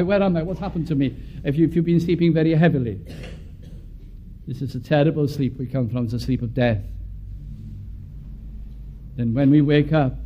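An earnest man from Wales preaches in a high, carrying voice. He drops into quiet reflection and rises into fervent prayer. The recording is dull and lo-fi. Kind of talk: sermon.

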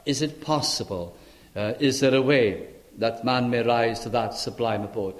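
A man's voice: mid-range voice, moderate pace. An older man from Britain preaching a sermon, asking rhetorical questions and voicing imagined speakers.

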